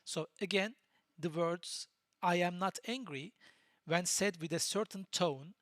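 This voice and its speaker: Patient lecturer. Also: male voice, sits high, a bit bright, dry recording, clean studio sound. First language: Turkish. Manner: patient, explanatory, pauses to search for words. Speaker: university lecturer. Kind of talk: recorded lecture.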